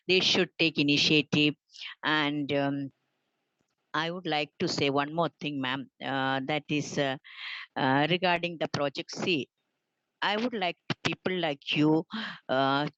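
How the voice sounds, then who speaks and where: An earnest woman talks over a video call, halting and full of fillers. Her voice sits fairly low, and the sound is dull and lo-fi from a dry, close mic. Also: a bit bright, no echo. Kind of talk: unscripted panel talk.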